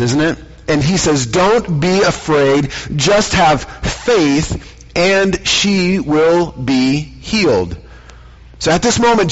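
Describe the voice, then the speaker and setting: A man preaching a sermon, telling a story and slowing down for dramatic emphasis. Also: fairly high pitch. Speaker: pastor. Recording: dull lo-fi sound.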